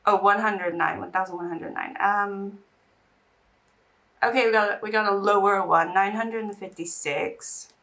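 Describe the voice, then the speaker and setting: A woman's voice: medium pitch, steady tone, unhurried, creaky, sharp tone, recorded from a distance. A young woman in casual get-ready-with-me chat, emotional and teary, sighing between bursts of chatter. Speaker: beauty vlogger. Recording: voice a little off-mic.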